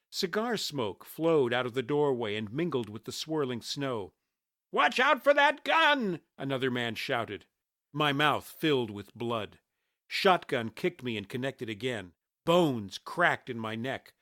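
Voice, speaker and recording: A man's voice: mid-range voice, a bit bright, no echo, clean studio sound. A man reading a first-person crime novel aloud, with a terse, hard-boiled delivery. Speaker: audiobook reader.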